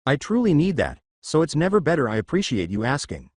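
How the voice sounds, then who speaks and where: A man's voice: on the high side, wildly swooping pitch, breathy edge, dry recording, heavily acted. A man playing a hot-tempered ancient dragon goddess. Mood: playful. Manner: teasing, quick to anger.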